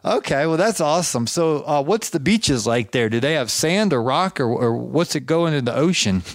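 A man's voice: fairly high pitch, expressive, moderate pace, no echo. A man from Georgia, hosting a casual interview podcast in a chatty, self-deprecating way with frequent restarts. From Georgia, United States. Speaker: podcast host.

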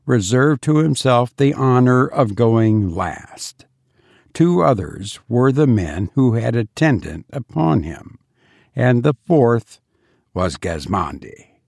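A male audiobook narrator reading in a slow, measured and dramatic way. His voice has a gravelly grain, and the recording is close and completely dry. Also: medium pitch, a little mellow, no room sound. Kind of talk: scripted narration.

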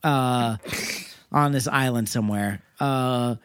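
A man's voice: medium pitch, slow, clean tone, no room sound. Hesitant man in dry close sound. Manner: hesitant, rambling, with many fillers and laughs. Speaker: podcast co-host. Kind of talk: casual chat recapping a film.

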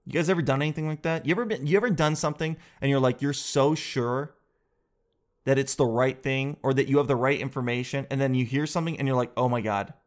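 A man in his thirties hosting a podcast, telling a comic story in a loose, animated way and calling his listeners dude and guys. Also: mid-range voice, fast talker. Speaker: podcast host. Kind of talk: casual comedic monologue.

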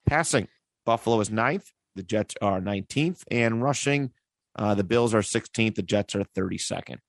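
A man's voice: on the low side, lively intonation, moderate pace, gravelly, dry recording, clean studio sound. A man hosting a casual sports podcast, running the picks and reading stats off a list. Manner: runs the segment, reads stats off a list. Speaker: podcast host.

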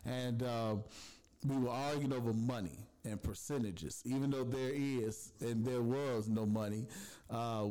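A man in the middle of the pitch range tells how his podcast came to be. He talks in a loose, chatty way with plenty of fillers. He slips into quoted asides now and then. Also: dark tone. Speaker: podcast host. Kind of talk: casual storytelling.

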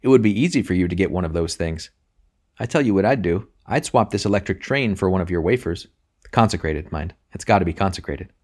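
A man's voice: deep voice, lively intonation, brisk, a little mellow. A man reading aloud, voicing a sly, scheming middle-aged baker who talks in a coaxing, insinuating way. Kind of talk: audiobook reading.

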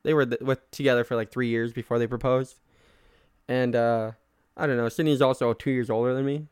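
A man's voice: medium pitch, steady tone, a little fast, a little mellow, clear, resonant tone, no echo, studio quality. A young man chatting casually on a podcast, rambling and self-mocking, laughing often. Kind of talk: casual chat.

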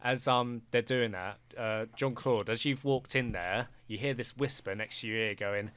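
A man's voice: medium pitch, normal speed, a bit bright, clear, resonant tone. A man narrating as game master in a rambling way, with many fillers.

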